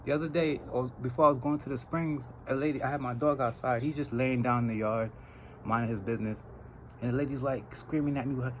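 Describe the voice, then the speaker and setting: A Trinidadian man hosting a podcast in a casual monologue, telling animated stories and laughing often. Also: medium pitch, fast talker, a little hiss or hum, rough recording. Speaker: podcast host.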